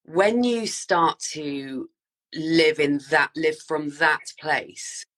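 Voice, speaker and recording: A woman's voice: low voice, animated, very slow, a bit bright. A woman, co-hosting a casual chat, speaking earnestly and emphatically. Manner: earnest and emphatic about mindset. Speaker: podcast co-host.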